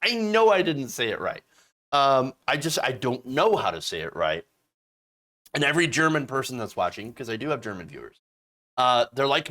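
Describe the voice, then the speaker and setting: Sarcastic man with a lively voice. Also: medium pitch, moderate pace. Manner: sarcastic, mocking voices of opponents. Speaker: political commentary host. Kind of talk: casual political commentary.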